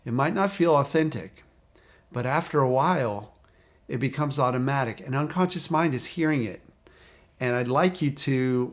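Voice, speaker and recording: A man speaking as a recovery coach, talking straight to the viewer in a calm, repetitive, encouraging way. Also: mid-range voice. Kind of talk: direct-to-camera coaching talk.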